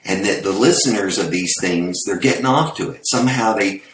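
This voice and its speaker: A man in casual podcast chat, measured and dry when telling a joke. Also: on the low side. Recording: roomy echo.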